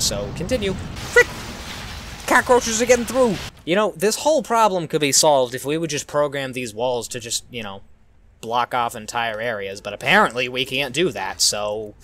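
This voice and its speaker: A man hosting playful gameplay commentary, excitable and goofy, tossing in silly sound effects. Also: medium pitch, slight background noise. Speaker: gaming channel host.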